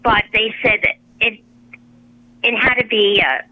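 On a casual radio program, a religious sister with a fairly high voice tells her stories warmly but in a rambling way, full of pauses, fillers, and restarts. The audio sounds dull and muffled, like it's coming over a phone line.

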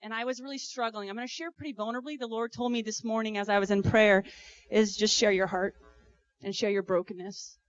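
A woman's voice: mid-range voice, steady tone, a little fast, no echo, muffled recording. Woman preaching with fervent emotion. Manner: emotional, exhorting, loud bursts; breaks into prayer. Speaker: conference speaker. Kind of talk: preaching testimony.

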